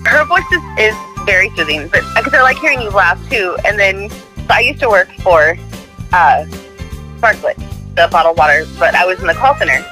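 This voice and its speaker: Bright-voiced woman telling stories. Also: medium pitch, moderate pace, soft background music, low-quality recording. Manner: laughing, animated storyteller. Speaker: podcast host. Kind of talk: casual chat.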